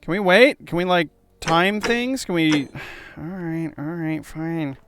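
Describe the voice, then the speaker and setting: A young man playing a video game and commenting, excitable, jumping from loud yelps to quiet muttering. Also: on the high side, takes it slowly, slight background noise. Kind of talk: let's play commentary.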